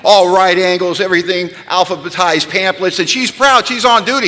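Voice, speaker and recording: Male speaker at a recovery gathering, animated comic storyteller, bright, slightly high voice, reverberant hall. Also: moderate pace, a little hiss or hum. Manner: lively, animated, punchline-driven storytelling. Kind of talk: humorous storytelling talk to an audience. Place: large hall.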